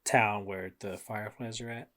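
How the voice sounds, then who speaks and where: A man's voice: on the low side, fairly even intonation, normal speed, sharp tone. A man co-hosting a podcast, chatting casually in a laid-back, rambling way with lots of fillers and swearing. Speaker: podcast co-host. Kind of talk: casual chat.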